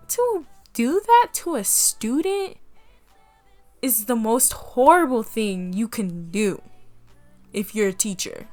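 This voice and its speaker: Talking to the camera in a medium-pitched voice, a young vlogger shares a personal story in a relaxed way. She's lively, laughs often, and reenacts what others said.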